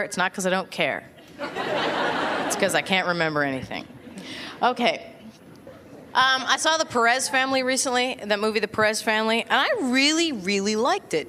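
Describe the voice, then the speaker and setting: A woman comedian performing a stand-up set at a live venue, wry and self-deprecating, with quick asides to the audience. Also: medium pitch. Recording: live crowd and noise. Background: laughing, applauding audience.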